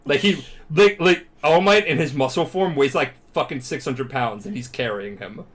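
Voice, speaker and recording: A drunk man hosting a podcast, retelling a story in a profane, animated way. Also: mid-range voice, moderate pace. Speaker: podcast host. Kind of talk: casual podcast chat.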